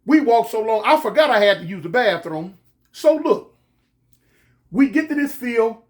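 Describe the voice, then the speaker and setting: A man casually telling a comic story from his own life, animated and full of street slang. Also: extremely high pitch. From California. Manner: animated, slangy, drawn-out pauses.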